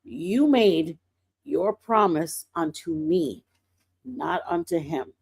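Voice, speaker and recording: A woman voicing the Lord as a calm, firm, fatherly divine figure who speaks slowly and gently. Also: low voice, creaky, husky, pitched below the performer's own voice, heavily acted.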